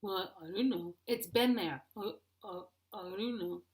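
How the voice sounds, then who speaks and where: A woman's voice: mid-range voice, measured pace, a little mellow, close to an everyday voice. A woman voicing a helpless, whiny middle-aged husband in a stand-up impression, whining and calling out over and over. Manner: whining, helpless, calls out repeatedly.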